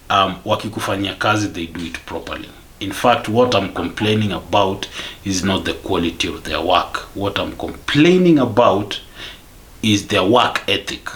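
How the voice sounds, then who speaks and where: Forceful and bright in a low voice, a male vlogger with a Kenyan accent delivers an angry rant to the camera. He goes back and forth between English and Swahili, emphatic and saying the same things again.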